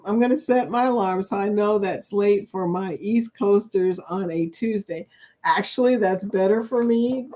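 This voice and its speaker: Laughing woman hosting a relaxed live chat. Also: mid-range voice. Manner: laughs often, reads viewer comments aloud. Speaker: livestream chat host. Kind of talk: casual live chat reading comments.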